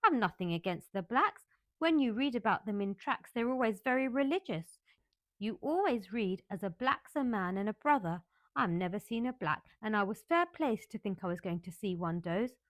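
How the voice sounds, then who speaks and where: A woman's voice: medium pitch, lively intonation, normal speed, no room sound, pitched above the performer's own voice, close to an everyday voice. A sturdy, cheerful young housemaid with a broad Yorkshire accent, as a woman reader puts her on. She talks bluntly and a lot, in a storybook reading. The sound is dry and close. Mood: indignant.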